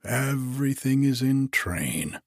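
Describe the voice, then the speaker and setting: A man reading aloud and voicing a hunted, evasive innkeeper who talks slowly and repeats himself. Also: mid-range voice, expressive, dry recording, clean studio sound. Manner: slow, hesitant and repetitive.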